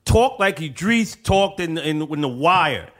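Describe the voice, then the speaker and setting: A man's voice: a little high, lively intonation, unhurried, fairly bright tone. A man with a New York accent co-hosting a podcast, talking bluntly in slang with lots of profanity. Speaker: podcast co-host. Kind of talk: casual podcast chat.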